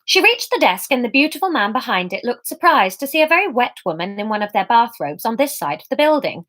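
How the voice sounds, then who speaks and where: A woman's voice: fairly high pitch, very animated, fast, a bit bright. A woman reading her own comic novel aloud, breaking off for playful, chatty asides.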